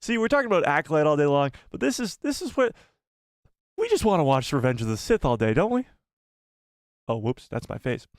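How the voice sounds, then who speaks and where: An excitable man hosts a casual live stream and talks in bursts of exclamation. His voice is slightly high and swings widely in pitch. The sound is dry and close, with no room echo. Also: fairly quick, long pauses.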